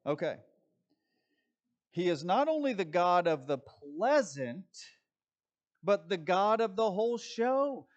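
A man pastor giving a conversational sermon, swinging between loud emphatic bursts and quiet asides. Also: sits high, sing-song, slow, long pauses, muffled recording.

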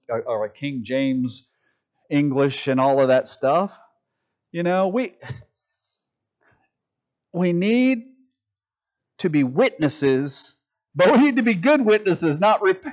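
A middle-aged man giving an informal preaching talk, conversational and animated, mimicking voices when he tells stories. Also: a little high. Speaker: Christian speaker.

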